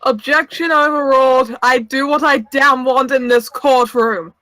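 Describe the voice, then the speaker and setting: A self-important judge in a tabletop game rules the courtroom with imperious certainty. A woman puts him on in a slow, fairly high voice. The recording is dry. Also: steady tone, bright, forceful tone, dry recording, poor audio.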